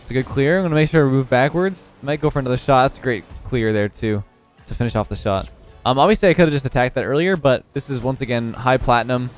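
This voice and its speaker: A young man casually commentating his own match, relaxed and analytical, sleepy and yawning as he has just woken up. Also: mid-range voice, fast, faint music behind.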